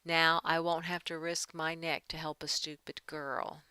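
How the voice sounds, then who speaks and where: During a screen-share editing lesson, a writing teacher talks through her edits as she makes them and reads passages of the draft aloud. Her low voice is pushed, bright, and smooth, with little pitch variation and a measured pace, recorded without echo.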